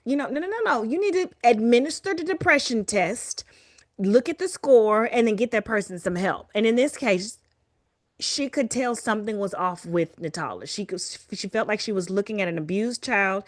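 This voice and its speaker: This podcast co-host speaks at a medium pitch and normal speed, retelling a story casually while performing each quoted line with animation. The studio-quality audio carries no room sound.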